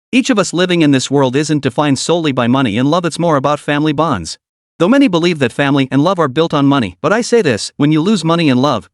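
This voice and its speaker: A composed, remorseful businesswoman chairman, put on by a male narrator in a storybook recap. She speaks calmly and earnestly, fairly high and very lively in pitch. The sound is dry and close. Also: dry recording, close to an everyday voice. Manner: calm, earnest public speaking.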